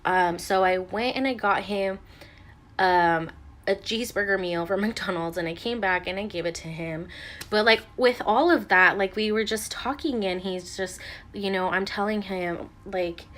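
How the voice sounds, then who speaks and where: With a mid-range, slightly bright voice at normal speed, a young woman vlogs casually about a tense morning. Her retelling rambles, crowded with fillers like "like" and frequent restarts.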